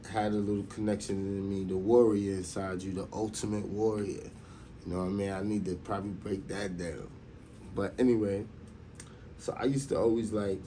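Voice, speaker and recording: A man around forty hosts his own show, wandering through a loose personal story and constantly asking "you know what I mean." His voice is fairly low and mellow, with slight background noise in this casual storytelling monologue.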